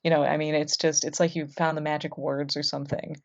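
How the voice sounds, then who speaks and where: Low-voiced woman hosting a podcast. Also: little pitch movement, fairly quick. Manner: musing, with many ums. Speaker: podcast host. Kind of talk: casual chat. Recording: dull lo-fi sound.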